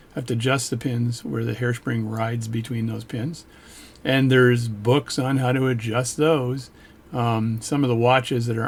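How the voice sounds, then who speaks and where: On camera, a watch repairer chats casually about a book, wandering off topic with joking asides and interrupting himself. He has a creaky mid-range voice, and there's a faint hiss or hum in the recording.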